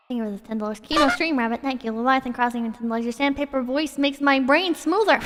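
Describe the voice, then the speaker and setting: High-voiced, foul-mouthed woman streamer. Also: quick pace, hardly any pauses, over music. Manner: profane, rambling, excitable. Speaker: livestreamer reading viewer donations. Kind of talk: casual stream chat.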